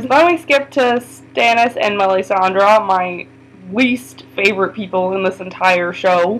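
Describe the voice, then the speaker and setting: A young woman recapping a TV episode in a casual vlog. She chats loosely, swears freely, says "like" a lot and breaks into excited exclamations. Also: fairly high pitch, low-quality recording. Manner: chatty, swearing, frequent "like", sudden excited exclamations. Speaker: TV episode reviewer.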